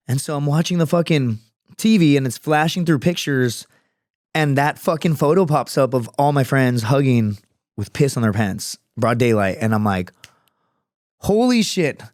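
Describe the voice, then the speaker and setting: A man who is a podcast guest, telling stories in a casual, profane and animated way, acting out other people's voices as he goes. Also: mid-range voice, normal speed, no echo, clean studio sound. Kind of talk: casual storytelling. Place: podcast studio.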